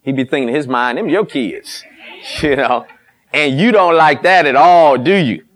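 The voice is a little high with a fairly bright tone, moving at normal speed. It belongs to a middle-aged pastor giving a sermon on marriage who is plainspoken and folksy, teasing his audience and acting out old conversations in quoted dialogue.

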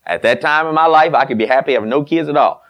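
A man's voice: medium pitch, fast, fairly bright tone. A middle-aged man preaching on marriage, blunt and folksy, teasing his listeners and acting out old conversations. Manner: folksy and blunt, with teasing asides and quoted dialogue. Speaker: pastor. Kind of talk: sermon on marriage.

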